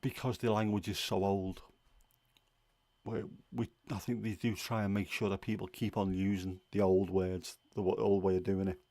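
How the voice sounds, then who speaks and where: A man with a lilt talks in a fairly low voice, chatting his way through a relaxed livestream. He rambles a little and is openly opinionated, and he often pauses with an "um." The sound is close and dry, with no room echo. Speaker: livestream host. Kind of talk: casual livestream chat.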